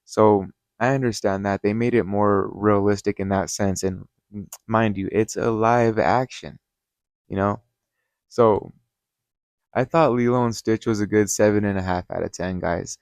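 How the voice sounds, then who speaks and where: A man's voice: lowish voice, a little mellow, dry recording. A man hosting his channel, telling a casual story-time review in a rambling, worked-up way, with lots of swearing and "you know". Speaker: channel host.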